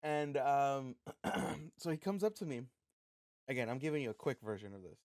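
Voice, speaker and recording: A young man co-hosting a podcast, telling an animated, profane story in casual chat. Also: medium pitch, normal speed, creaky, no room sound, studio quality. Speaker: podcast co-host.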